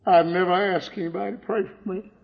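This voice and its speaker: A man preaching a folksy testimony sermon and telling his story, breaking into sudden shouts. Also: high-pitched, fairly even intonation, fast, vocal fry. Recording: echoey hall, dull lo-fi sound.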